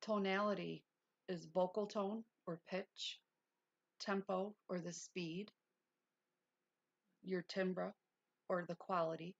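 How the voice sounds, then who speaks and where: A woman's voice: on the low side, steady tone, slow, vocal fry, long pauses, highs cut off. A woman hosting a casual livestream lesson, reading notes aloud and breaking off into chatty asides. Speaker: livestream host.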